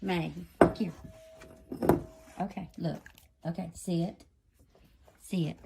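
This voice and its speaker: A woman's voice: on the low side, fairly even intonation, slow, vocal fry, heavy background noise. A woman filming at home with a phone camera, coaxing and scolding her dogs in pet-talk. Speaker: dog owner filming her pets. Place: home indoors.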